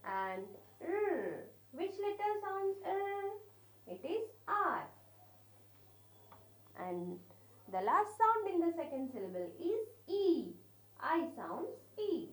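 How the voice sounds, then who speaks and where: A woman's voice: very high-pitched, very animated, slow pace, pauses often. A young woman, teaching a kindergarten phonics lesson, sounding out letters and asking the children questions. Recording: echoey room.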